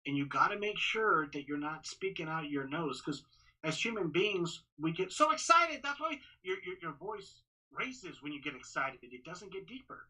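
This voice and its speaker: Bright-voiced man, halting podcast talk. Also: fairly high pitch, animated, low-quality recording. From Texas. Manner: halting, many restarts and fillers. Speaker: ring announcer, guest. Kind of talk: casual interview talk.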